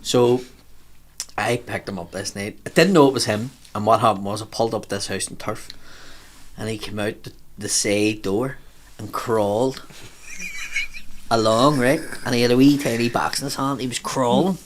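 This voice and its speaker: A man spinning a swear-laden yarn in casual podcast chat, his pitch in the middle of the range. He jumps into the voices of the people in his story and builds energy as he goes. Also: normal speed. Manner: animated, swearing storyteller who acts out quoted voices. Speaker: comedian, podcast co-talker.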